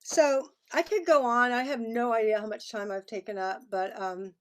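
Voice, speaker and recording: A woman's voice: fairly high pitch, steady tone, moderate pace. A woman musician with a Texan accent, reading from her memoir over a video call, reflective and chatty. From Texas. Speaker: musician and author.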